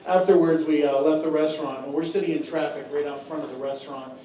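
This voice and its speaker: Male stand-up comic, high voice, drawling storyteller, on stage in an echoey club, miked from a distance. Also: fairly even intonation, fast, mellow, a little hiss or hum. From Tennessee. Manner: drawling storyteller with frequent fillers. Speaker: stand-up comedian. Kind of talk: stand-up comedy set.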